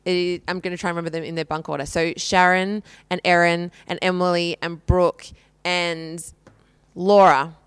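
A young woman, hosting a camp radio show and reading shout-outs in a chatty, playful way. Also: lowish voice, flat delivery, normal speed, clean tone, no room sound. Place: small camp radio studio.

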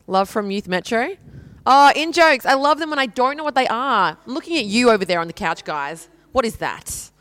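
A young woman, hosting a camp radio show and reading shout-outs in a chatty, playful way. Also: on the high side, lively intonation, moderate pace, hardly any pauses, dry recording. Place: small camp radio studio.

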